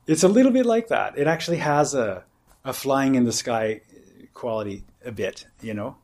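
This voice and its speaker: A man leads a meditation retreat, explaining the practice in a loose, conversational way. He rambles and restarts his sentences, leaning often on "you know" and "like". His voice sits at a middling pitch for a man. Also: animated, normal speed, a little mellow. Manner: casual and rambling, full of "you know" and "like" fillers. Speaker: meditation teacher. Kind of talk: informal dharma talk at a retreat.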